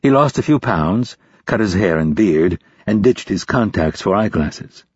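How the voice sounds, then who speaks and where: A man's voice: fairly low pitch, expressive, a little slow, slightly rough, no echo. A man voicing a composed young female intelligence officer who speaks in a cool, probing, businesslike way. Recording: dull, dry lo-fi recording.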